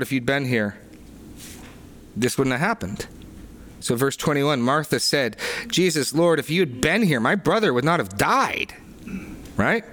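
A man leading a sermon discussion, reading aloud and explaining with earnest emphasis and frequent restarts. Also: medium pitch. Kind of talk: reflective teaching discussion.

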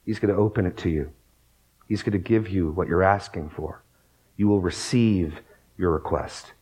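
Here a pastor with a low, dark, slightly rough voice speaks at normal speed, captured in low quality. Quoting and emphatically reading scripture, he works through the passages and punches key words hard.

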